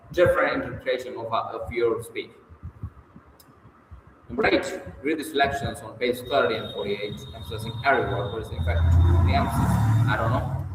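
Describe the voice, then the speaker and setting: A man reading a textbook aloud in short, emphatic bursts, then answering its study questions off the cuff, sometimes hesitantly. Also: mid-range voice. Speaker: reader working through a textbook. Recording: very echoey room with long reverb, faint noise.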